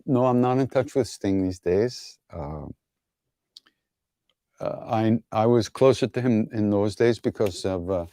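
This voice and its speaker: Hosting an online gathering, a man answers viewer questions with an easygoing, wry manner, spinning stories full of fillers and chuckles. His voice is lowish, warm, and unhurried. The studio sound is clean with no echo, suiting this casual Q&A storytelling.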